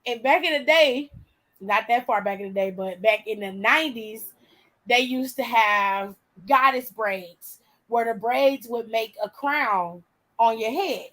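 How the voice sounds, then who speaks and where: A woman in her forties, host, telling a story in casual chat, animated and profane, laughing often. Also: fairly high pitch, unhurried, low-quality recording.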